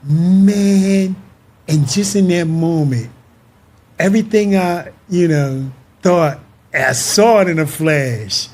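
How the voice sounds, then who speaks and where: Husky, high-voiced man. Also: slow. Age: 50s. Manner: expressive, earnest, breaks into laughter while recounting. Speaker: guest, husband. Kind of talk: emotional personal storytelling.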